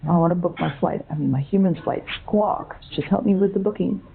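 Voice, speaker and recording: A dotty old woman who thinks she is a parakeet, voiced by a text-to-speech woman, sweetly muddled and forever slipping into squawks and chirps. Her voice sits a little low. It comes through a thin, phone-line sound. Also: fairly quick, gravelly, slight background noise. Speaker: scam-baiting bot.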